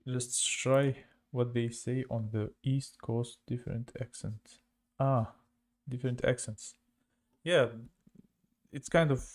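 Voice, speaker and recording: A man with a Russian accent teaching casually on a livestream, halting and repeating words to compare their sounds. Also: medium pitch. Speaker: language teacher.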